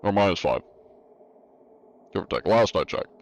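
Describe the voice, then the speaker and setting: A man's voice: low-pitched, lively intonation, normal speed, gravelly, dull audio. A man streaming a game live in a casual, laid-back way, reading chat aloud, answering it and using many "uh" fillers. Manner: frequent "uh" fillers.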